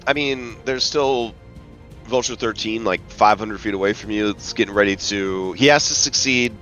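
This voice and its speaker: A low-pitched man runs a tabletop game over voice chat, rambling and casual with plenty of fillers. The recording sounds muffled and lo-fi, with faint music playing underneath. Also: moderate pace, a bit bright. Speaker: game master.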